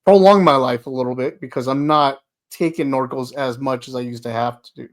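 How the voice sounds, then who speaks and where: A man hosting a podcast, speaking casually with halting, stumbling restarts. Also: mid-range voice. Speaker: podcast host. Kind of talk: casual interview talk.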